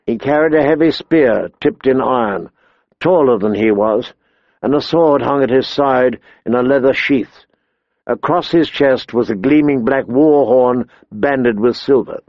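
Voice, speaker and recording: A man's voice: mid-range voice, unhurried, no room sound. Man narrating, dull lo-fi sound. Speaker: audiobook narrator. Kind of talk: scripted narration. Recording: dull lo-fi dry recording.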